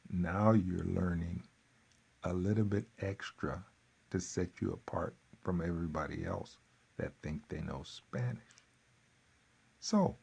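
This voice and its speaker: A man teaching a workbook lesson, repeating phrases slowly with folksy asides. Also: deep voice, gravelly, mellow, breathy edge. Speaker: Spanish teacher.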